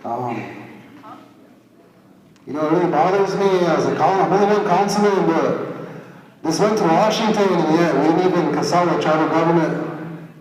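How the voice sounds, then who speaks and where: A man's voice: fairly high pitch, normal speed, long pauses, darkish tone. A man speaking as a tribal councilman at a public meeting, angry and blunt, stumbling over repeated words when heated. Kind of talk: impassioned public speech at a meeting. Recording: echoey hall sound from far off.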